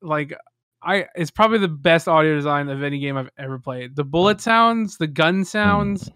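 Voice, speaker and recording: A man with a fairly high voice co-hosts a gaming podcast, talking with enthusiasm and teasing his friends. His voice sounds close and dry. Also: animated, normal speed, a bit bright, no room sound. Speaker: podcast co-host. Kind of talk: casual gaming podcast chat.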